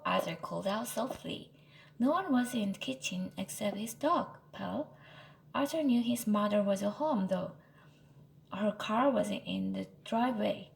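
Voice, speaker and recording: A woman with a Korean accent reads a children's chapter book aloud, careful and deliberate, with small slips along the way. Her pace is slow and her voice gravelly. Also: mid-range voice, rough recording. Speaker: English reading teacher.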